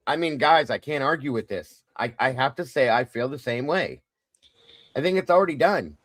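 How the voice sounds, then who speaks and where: A man hosts a casual true-crime livestream in a middle-pitched voice. He talks bluntly, swears freely and keeps hedging with "in my opinion." The sound is dry, with no room echo. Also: expressive, moderate pace, fairly bright tone. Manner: blunt and profane, keeps saying it is just his opinion. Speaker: livestream host.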